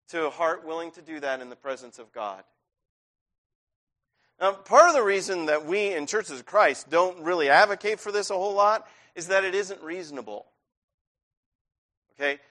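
High-voiced male preacher, conversational. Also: animated, moderate pace, pauses often, a bit bright. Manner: conversational, rising to intense. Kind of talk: sermon.

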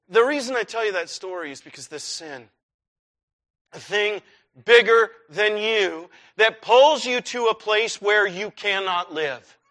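A man preaching a sermon, telling a personal story with lively swings from hushed to shouted. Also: high voice.

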